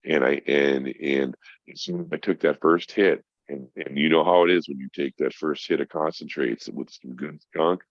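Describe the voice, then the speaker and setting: Very deep-voiced middle-aged man, swearing freely. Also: fairly even intonation, moderate pace, no echo. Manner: profane, emphatic, addresses host as bro. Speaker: podcast guest. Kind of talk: casual storytelling chat. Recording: dry, dull lo-fi sound.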